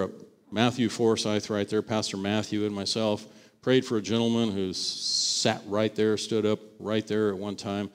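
A man's voice: on the low side, in a large hall. Conversational male pastor preaching. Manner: conversational, repeats words, acts out quoted voices. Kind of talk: sermon with scripture reading. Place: church.

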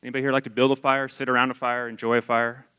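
Church speaker, man in his forties, mid-pitched and earnest, talking candidly and conversationally to a congregation. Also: level tone, very fast, pushed and bright, smooth. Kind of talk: personal testimony sermon.

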